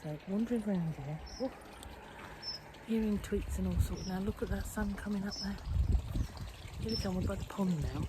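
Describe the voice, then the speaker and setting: A woman's voice: mid-range voice, normal speed. A woman giving a casual, half-whispered vlog tour of her garden and cupboard early in the morning. She chats fondly as she walks, sometimes talking to her cat, with the camera held in her hand. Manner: hushed, half-whispering chatter; chatty and fond, talking to the cat. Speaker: quilting vlogger. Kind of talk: casual vlog walk-around. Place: outdoor garden, then an indoor cupboard. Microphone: handheld phone camera. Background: birdsong and distant traffic.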